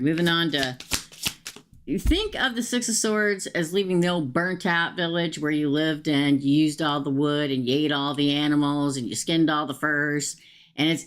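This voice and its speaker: A woman's voice: sits low, a bit bright. A woman reads tarot cards live for her viewers. She talks in a loose, chatty way, muttering to herself as she pulls cards and calling out names in the queue. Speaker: tarot reader. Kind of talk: live-stream tarot reading.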